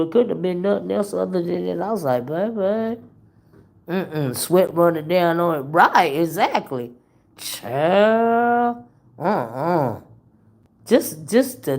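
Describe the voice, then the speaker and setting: A woman's voice: on the low side, vocal fry. A woman hosting a casual gossip livestream, chatting to her viewers, laughing often and drawing out her exclamations, her voice still worn from being sick. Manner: animated, laughing, drawn-out exclamations. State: voice worn from illness. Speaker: livestream host reading chat.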